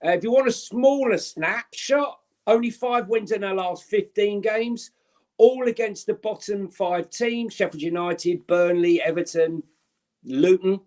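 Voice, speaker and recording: A man's voice: high-pitched, a little slow, a little mellow. A man co-hosting a fan podcast, bluntly ranting and reeling off statistics. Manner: blunt and exasperated, ranting through stats. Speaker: podcast co-host. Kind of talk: casual fan podcast chat.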